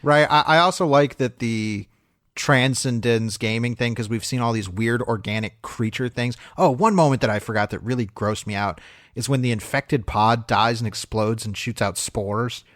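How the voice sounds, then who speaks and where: A man co-hosts a film podcast in a loose, rambling way, full of fillers and half-finished starts. His voice sits at an ordinary middle pitch. The room is very dry, with no echo at all. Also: moderate pace, a bit bright. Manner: rambling, many fillers and restarts, laughs often. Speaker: podcast co-host. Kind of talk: casual film review chat.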